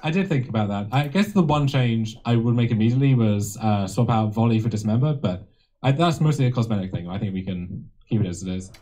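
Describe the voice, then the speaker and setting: A man's voice: on the low side, expressive, a little fast, mellow. A man with a British accent, a guest player in casual gaming commentary, talking in a wry, playfully teasing way. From United Kingdom.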